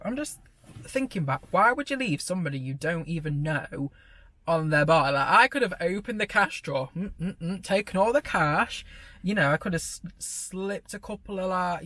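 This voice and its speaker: A man's voice: high voice, bright, forceful tone, no echo. A young man vlogging, telling a gossipy story in a sweary, sarcastic way and laughing often, filmed on a phone camera. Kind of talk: casual storytelling mukbang.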